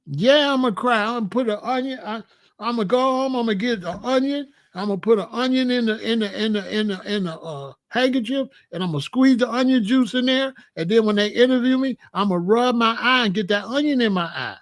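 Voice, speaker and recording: High-voiced man joking through a rant. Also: a little fast. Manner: joking, boastful and streetwise. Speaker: commentary channel host. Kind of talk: casual commentary rant.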